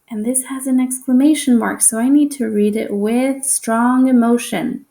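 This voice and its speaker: A woman teacher walks young children through a homework assignment with patience and encouragement. Her voice sits a little high and carries a gravelly fry, and she repeats each instruction slowly so no one gets lost. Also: steady tone, mellow. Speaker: elementary school teacher.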